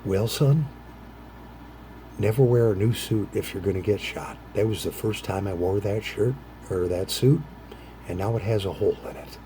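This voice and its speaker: A man doing an impression of an elderly male president who is calm and wry, with a folksy, unhurried drawl. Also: fairly low pitch, slight background noise, lightly acted.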